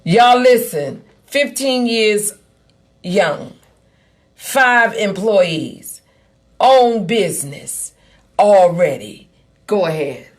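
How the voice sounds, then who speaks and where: Slow-talking woman podcast host. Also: mid-range voice, animated. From Savannah, Georgia. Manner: chatty, addresses listeners as "y'all", repeats herself for emphasis. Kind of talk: casual live-streamed talk show.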